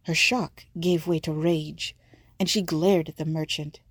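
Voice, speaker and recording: A woman reading a story aloud in a measured, vivid narrating manner. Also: low-pitched, steady tone, husky, no echo, clean studio sound. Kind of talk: scripted audiobook narration.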